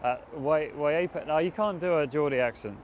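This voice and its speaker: A man's voice: fairly high pitch, moderate pace, background noise. A man co-presenting a travel webisode, speaking in a practical, wry way in casual chat.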